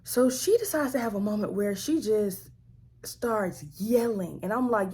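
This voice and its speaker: A woman vlogger telling a family story in a slangy, animated, conversational way. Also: medium pitch, unhurried, slightly rough. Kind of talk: storytime vlog.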